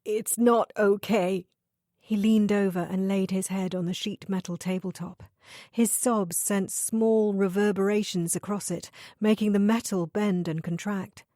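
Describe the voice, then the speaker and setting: A woman reading an audiobook thriller in measured, even scripted narration. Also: mid-range voice, dry recording, clean studio sound.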